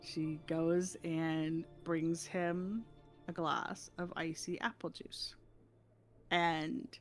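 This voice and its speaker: A woman's voice: deep voice, fairly even intonation, drawn-out words, soft background music. A woman livestreamer chatting casually, telling a story with lots of laughs and acted-out voices. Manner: chatty, laughing, acts out voices in her anecdotes.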